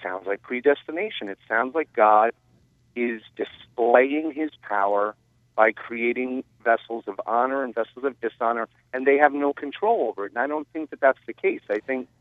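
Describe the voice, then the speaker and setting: A man's voice: mid-range voice, moderate pace, no echo. Hesitant male caller on a tinny phone line. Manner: hesitant, self-correcting. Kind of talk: radio call-in talk.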